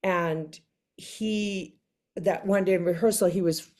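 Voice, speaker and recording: A woman guest in an interview, telling stories in a casual, animated way and acting out the people she quotes. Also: fairly low pitch, slow. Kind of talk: casual storytelling in a sit-down interview.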